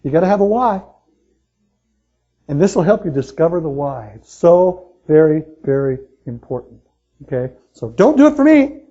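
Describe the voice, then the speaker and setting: A man speaking as a motivational speaker at a sales meeting, talking excitedly and pushing the crowd with questions in a live seminar talk. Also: fairly high pitch, moderate pace, lo-fi sound. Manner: excitable, pushy, talks straight to the crowd with questions.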